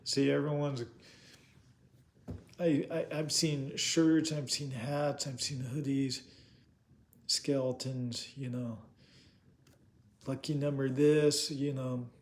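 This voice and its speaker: A man's voice: medium pitch, little pitch movement, slow pace, long pauses, a little hiss or hum. A man giving an informal sermon, earnest, asking rhetorical questions and repeating himself. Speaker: preacher.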